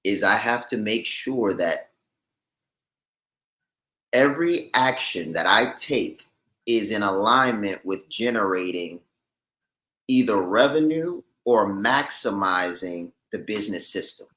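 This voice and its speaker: A man's voice: lowish voice, expressive, unhurried, pushed and bright. A man who owns a business, chatting openly and easygoing as a podcast guest. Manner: open and easygoing. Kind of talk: casual podcast chat. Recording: roomy echo.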